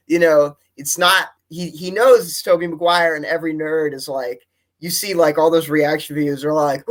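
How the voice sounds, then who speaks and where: Excitable young man rambling fast. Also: fairly high pitch. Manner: rambling, fast, breathless enthusiasm with restarts. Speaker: co-host. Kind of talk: excited casual chat.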